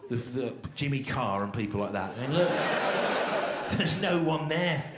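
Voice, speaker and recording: A man's voice: medium pitch, lively intonation, takes it slowly. A man doing live stand-up with crowd work on stage, talking in a dry, repetitive, mock-exasperated way. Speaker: stand-up comedian. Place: large live comedy venue, on stage. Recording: echoey live venue, loud noise. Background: audience laughter.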